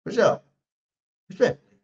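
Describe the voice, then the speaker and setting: A man's voice: normal speed, darkish tone. A man hosting a live fan pregame stream, talking brash, slangy trash with heavy emphasis. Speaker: sports stream host. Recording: roomy, muffled home stream audio.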